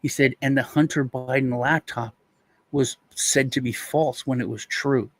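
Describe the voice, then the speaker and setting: Man, co-host, casual chat, rambling with restarts, medium pitch, dry close sound. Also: steady tone, a little slow, no room sound. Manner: rambling retelling with restarts and quoted voices.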